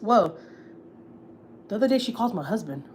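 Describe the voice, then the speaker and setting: A woman's voice: mid-range voice, animated, moderate pace, darkish tone, slight background noise. A woman, a family vlogger, tells gossip on a livestream in a blunt, heated, profane way. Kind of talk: casual storytelling, gossip.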